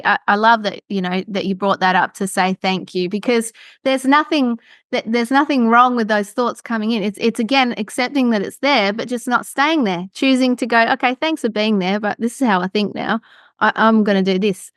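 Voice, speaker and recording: Woman, podcast host; encouraging, chatty, mid-pitched, dry sound. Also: a bit bright, smooth, dry recording. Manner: encouraging, frequent affirming murmurs. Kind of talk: casual podcast conversation.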